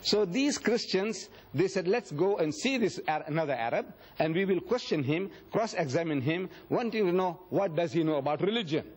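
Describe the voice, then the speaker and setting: A husky, slightly high-voiced man gives a public religious lecture. He tells his points as dramatic stories and acts out the quoted speech. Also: lively intonation, moderate pace, few pauses. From South Africa. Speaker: Islamic lecturer.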